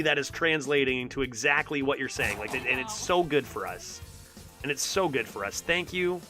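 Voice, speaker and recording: A young man streaming a card game, talking casually and rambling, repeating words as he goes. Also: medium pitch. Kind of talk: casual live game commentary.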